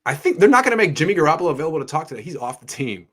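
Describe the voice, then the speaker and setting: A man's voice: on the high side, expressive, rapid-fire, few pauses, fairly bright tone, slightly rough. A man hosting a sports show, chatting casually and reading viewer comments aloud with blunt, sarcastic remarks. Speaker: sports podcast host.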